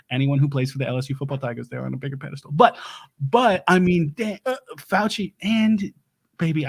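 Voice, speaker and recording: A man plays a bumbling doomsday prep lecturer with a drawl. His voice sits a bit high, and he stammers and backpedals constantly in an improvised comedy stream. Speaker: host.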